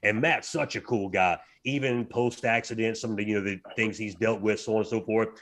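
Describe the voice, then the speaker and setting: Animated man telling stories. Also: on the low side, a little fast. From South Louisiana. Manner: animated storyteller, acts out dialogue in a raised voice. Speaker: fight announcer guest. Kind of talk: casual podcast chat, storytelling.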